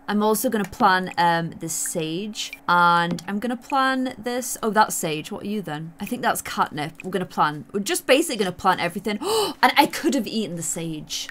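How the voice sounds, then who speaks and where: A woman's voice: medium pitch, a bit bright, slight background noise. Giggly woman chatting through a game. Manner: chatty, giggly, self-mocking. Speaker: gaming YouTuber. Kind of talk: Let's Play commentary.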